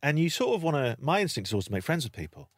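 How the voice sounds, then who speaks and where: A British man telling a long anecdote in casual chat, lively and acting out the voices of the people in it. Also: on the high side, racing, no room sound. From Britain. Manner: animated storytelling, acting out voices. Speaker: guest storyteller.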